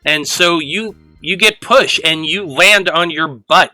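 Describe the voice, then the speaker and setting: A man narrating as game master of a tabletop role-playing game, rambling with halting restarts. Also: fairly high pitch, sharp tone, dry recording, soft background music, rough recording.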